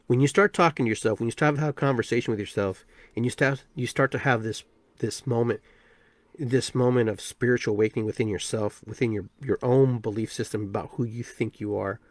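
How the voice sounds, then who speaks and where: A man hosting a podcast, giving a spiritual self-help talk in an emphatic, animated way. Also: medium pitch, brisk, dry recording. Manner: emphatic, animated, acts out quoted voices. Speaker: podcast host and shaman.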